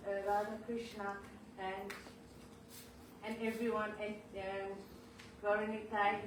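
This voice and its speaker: Woman, emotional homage, halting and apologetic, distant mic, echoey temple hall. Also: mid-range voice. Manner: halting, apologetic, moved to tears. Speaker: devotee giving a homage. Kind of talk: emotional spoken tribute. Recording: echoey hall, voice from far off, clear background noise.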